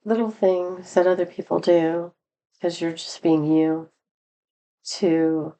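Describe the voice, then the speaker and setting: A woman's voice: fairly low pitch, fairly even intonation, takes it slowly, mellow. A middle-aged woman telling a rambling personal story in a casual vlog, laughing often and lifting her voice for quoted lines. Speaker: vlogger.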